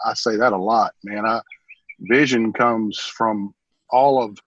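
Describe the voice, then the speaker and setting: A man, a church pastor, talks earnestly in a relaxed interview, wandering through his story and fighting back tears. His voice is husky and a bit breathy. It is recorded dry and dull, lo-fi. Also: on the low side, a little slow, dry recording. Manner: rambling, earnest, often says "man". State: emotional, holding back tears. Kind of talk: casual interview talk.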